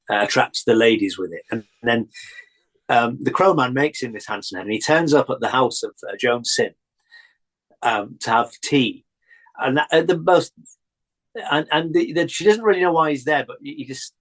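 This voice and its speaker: Animated man telling stories with laughs. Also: mid-range voice, poor audio. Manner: animated storytelling, laughs often. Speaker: guest. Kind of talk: casual chat.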